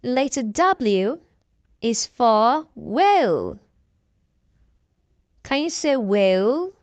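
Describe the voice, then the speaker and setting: A woman's voice: on the high side, very animated, drawn-out words, no room sound. A woman narrating an alphabet lesson for toddlers, prompting them to repeat each animal word. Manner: prompting listeners to repeat words. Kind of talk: slow scripted narration for toddlers.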